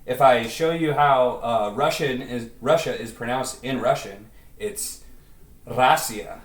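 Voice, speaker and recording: A man's voice: mid-range voice, measured pace, far from the mic. A man chatting casually and ramblingly in a self-deprecating vlog, talking into a headset in his bedroom. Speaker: video creator. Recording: roomy echo.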